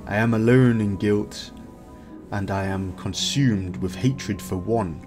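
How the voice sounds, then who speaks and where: A man reading the lines of a sad male cave creature who was once a wizard, in slow, halting speech. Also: on the low side, music in the background. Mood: mournful.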